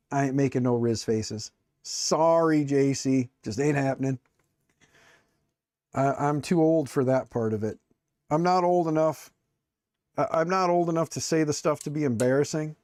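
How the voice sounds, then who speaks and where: Heard in a dry recording with clean studio sound, a middle-aged man speaks in a medium-pitched, slightly mellow voice. He's streaming live while building a 3D printer, chatting casually, joking at his own expense, rambling and muttering as he works.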